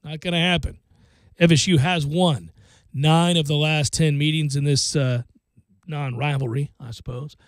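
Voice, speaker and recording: A man's voice: on the high side, fairly even intonation, moderate pace, no room sound. A man hosting a sports radio show in a studio, chatting casually with wry, offhand asides. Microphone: studio microphone.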